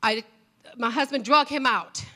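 A woman giving an emotional church testimony, fervent and rising to loud praise. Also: fairly high pitch, a little slow.

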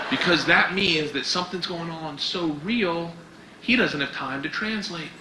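High-voiced guy doing stand-up, loud animated storytelling, echoey noisy club clip. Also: slow. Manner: animated storytelling, often shouting. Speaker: stand-up comedian. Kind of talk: stand-up set. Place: comedy club stage with audience.

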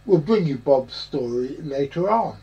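Slow-talking, jokey man. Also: fairly high pitch, expressive, dark tone, highs cut off. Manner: rambling, jokey, fond of puns. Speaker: podcast host. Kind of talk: casual chat.

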